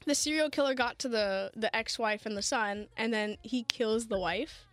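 A woman's voice: a little high, moderate pace. A young woman hosting a podcast in casual chat, teasing her friends, swearing and laughing a lot. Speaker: podcast host.

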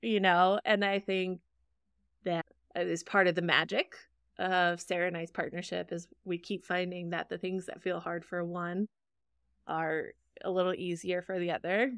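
This woman chats on her podcast in a smooth, crisp voice, right up close to a dry mic with no room sound. She talks in a casual, self-deprecating way and laughs easily as she goes. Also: lowish voice, level tone, unhurried, fairly bright tone, no echo. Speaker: podcast co-host and producer. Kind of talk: casual chat.

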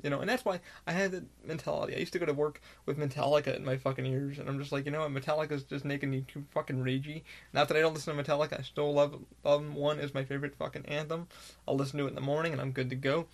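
Gravelly-voiced man rambling candidly. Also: fairly high pitch, fairly even intonation, very fast. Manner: candid, rambling, swears often, laughs now and then. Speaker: podcast host. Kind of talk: casual solo podcast monologue.

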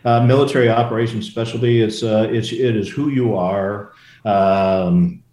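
An older man with a low, mellow voice recalls his flying days in a relaxed interview. He rambles, restarting sentences and wandering into asides. The room around him sounds echoey. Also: moderate pace. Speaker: former Marine aviator guest. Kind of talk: casual interview storytelling. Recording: roomy echo.

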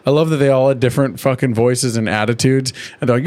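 A man in an easygoing podcast chat, middle-pitched and loose, with swearing sprinkled through. He jumps into high, squeaky voices when he acts out the characters he is recapping. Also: fairly even intonation, fast talker, a little mellow. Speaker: podcast co-host. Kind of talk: casual chat.

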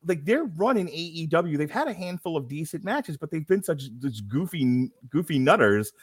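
A man's voice: on the high side, big pitch swings, moderate pace, slightly rough, dry recording. A man co-hosting a podcast, chatting casually about wrestling with rambling jokes. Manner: jokey, rambling, laughs at his own lines. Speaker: podcast co-host. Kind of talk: casual wrestling review chat.

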